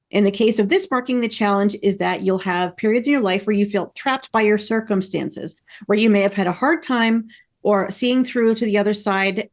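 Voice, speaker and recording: A woman hosting a podcast interview, chatting in an excited, effusive and rambling way. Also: mid-range voice. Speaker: podcast host. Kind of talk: casual interview chat.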